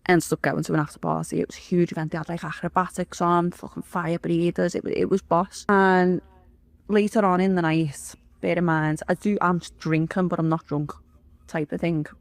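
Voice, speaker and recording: A woman tells her story bluntly, swearing freely and rambling along. Her voice has a gravelly edge, and the recording is dry and close. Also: on the low side, level tone, moderate pace, no room sound. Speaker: interview guest. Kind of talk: dramatic personal storytelling.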